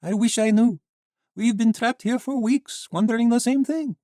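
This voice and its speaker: Weary woman refugee, earnest and pleading, voiced by a male narrator up high. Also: moderate pace, mellow, dry recording, clean studio sound.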